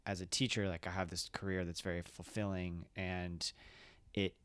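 A man's voice: low voice, level tone, normal speed, fairly bright tone, clear, resonant tone, no room sound. A man hosting a podcast, chatting reflectively in a casual interview, with many restarts. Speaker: podcast host. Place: room at a music festival.

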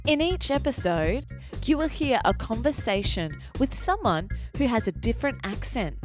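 A woman hosting an educational podcast, reading a scripted lesson in a clear, measured teaching manner. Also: on the high side, very animated, music in the background. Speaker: podcast host.

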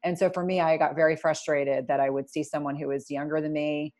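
A middle-aged woman, a nurse practitioner turned entrepreneur, telling her story in an interview in a candid, animated way with many restarts and asides. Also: low-pitched, a little fast.

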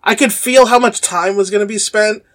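A woman co-hosting a casual podcast, excitable and quick to laugh. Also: mid-range voice. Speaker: podcast co-host. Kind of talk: casual chat.

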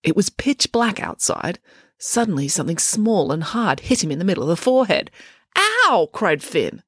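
A woman reading a children's chapter book aloud as a storyteller, with an expressive, animated delivery. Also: fairly low pitch, brisk, breathy edge, dry recording, studio quality.

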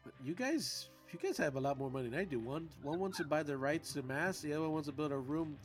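A man's voice: a little high, lively intonation, quick pace, soft background music. Dry, sarcastic podcast man. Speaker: podcast co-host. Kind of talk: casual chat.

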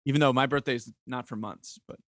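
A man's voice: medium pitch, steady tone, fast, a bit bright, no echo, clean studio sound. A man who is a guest on a casual podcast quiz, joking and laughing easily.

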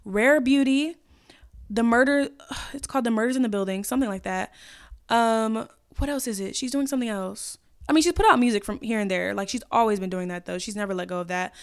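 A woman's voice: fairly high pitch, a little fast, clear, resonant tone. A young woman hosting a solo podcast, chatting casually and gushing, with some swearing. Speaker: podcast host.

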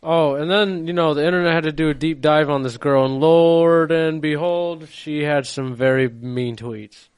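A man's voice: on the high side, fairly even intonation, moderate pace, clear, resonant tone, dry recording. A man co-hosting a casual chat, making blunt, laid-back remarks. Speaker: podcast co-host.

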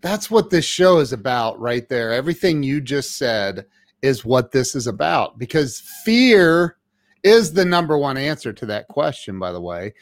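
A man hosting a podcast interview, eager and halting, often repeating words as he starts a thought. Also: medium pitch, big pitch swings, no room sound, clean studio sound. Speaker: podcast host. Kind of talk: casual interview chat.

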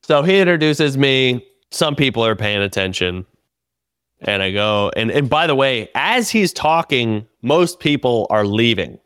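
A man, a comedian and podcast host, telling a story in casual chat, animated and full of swearing and restarts. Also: medium pitch, a little slow, clean tone, no echo, clean studio sound.

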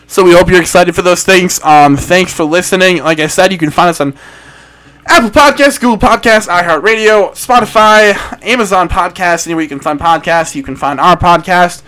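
A man co-hosting a podcast, reading a short story aloud with lively expression and frequent laughter between passages. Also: high-pitched, brisk. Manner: animated reading, laughs often. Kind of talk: casual podcast reading with banter.

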